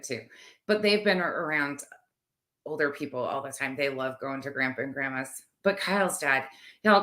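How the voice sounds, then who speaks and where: Woman, 30s, low voice, rambling livestream host chatting with viewers. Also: bright, forceful tone. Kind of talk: casual livestream chat.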